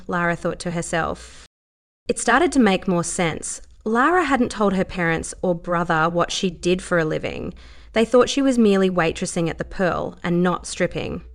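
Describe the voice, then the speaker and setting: A woman narrating an audiobook in a steady, measured way. Her voice sits fairly low for a woman.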